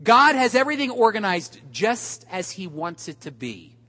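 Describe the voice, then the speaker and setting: A man's voice: high-pitched, very animated, normal speed, bright, forceful tone, in a large hall. A man preaching a sermon with emphatic delivery and rhetorical questions, speaking to his congregation. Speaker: pastor.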